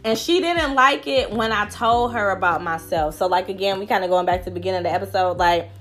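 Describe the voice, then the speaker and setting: A young woman, hosting a podcast and telling a story in slangy, animated casual chat over a phone app. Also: medium pitch, fast talker, faint music behind. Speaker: podcast host.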